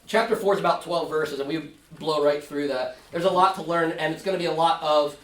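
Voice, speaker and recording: A man's voice: a little high, fairly even intonation, brisk. Man teaching Bible class in an echoey room. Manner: conversational recap with many fillers and asides; acts out quoted lines. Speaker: pastor teaching Bible study. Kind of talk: Sunday school Bible teaching. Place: church room. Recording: roomy echo, far from mic.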